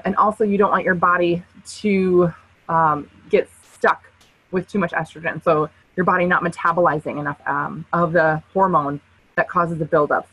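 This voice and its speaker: A woman presenting a nutrition webinar in a chatty, lively way, acting out quotes as she tells stories. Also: on the low side, slightly rough, no room sound, poor audio. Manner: chatty, lively storyteller who acts out quotes and laughs often. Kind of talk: casual webinar talk.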